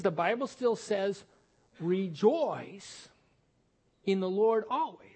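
High-voiced pastor preaching conversationally. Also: male voice. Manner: conversational, self-deprecating storytelling with sudden rises in pitch for emphasis. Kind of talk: sermon.

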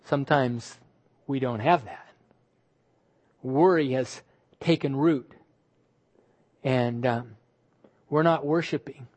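A man preaching a sermon as pastor, emphatic, stretching key words and dropping suddenly to quiet. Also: medium pitch, slow pace, pauses often.

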